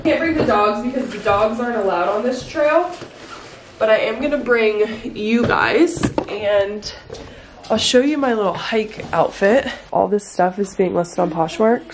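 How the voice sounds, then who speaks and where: A woman's voice: medium pitch, noisy background. A young woman in casual, upbeat vlog chat, talking straight to her viewers from a hiking trail and her home. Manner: chatty and upbeat, addressing viewers directly. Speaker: vlogger.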